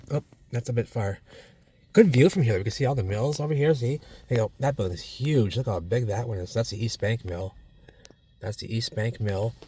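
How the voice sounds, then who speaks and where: A man's voice: mid-range voice, a little mellow, husky. A man from Minnesota, vlogging outdoors near old mill buildings, chatty and rambling, repeating his own phrases in a folksy way. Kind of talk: casual walking vlog.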